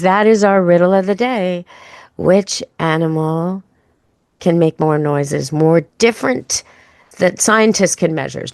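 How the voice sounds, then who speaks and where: A woman's voice: on the low side, darkish tone, no room sound, clean studio sound. A woman hosting a pet radio show, chatting casually and playfully. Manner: chatty, playful, imitates animal sounds. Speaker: podcast host.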